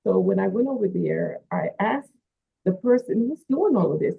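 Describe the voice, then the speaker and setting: A woman's voice: medium pitch, expressive, normal speed, vocal fry, slightly rough. A woman, a wrestler's manager and caretaker, telling a story in a rambling way with many fillers, heard over a phone-like line. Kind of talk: casual interview storytelling.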